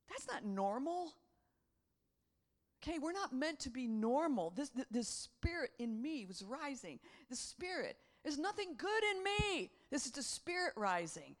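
A middle-aged woman preaching a charismatic sermon with passion, repeating phrases and rising to near shouts. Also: a little high.

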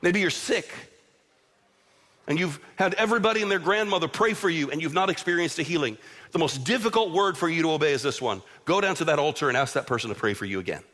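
A man's voice: fairly high pitch, lively intonation, fast talker, fairly bright tone. A middle-aged man preaching a sermon as pastor, impassioned and building, with repeated appeals to his listeners. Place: church sanctuary. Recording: long church reverb with music behind.

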